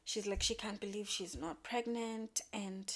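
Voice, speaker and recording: A woman's voice: medium pitch, measured pace, fairly bright tone. A woman casually recapping a show, slangy and emphatic, acting out the characters' lines as she tells it.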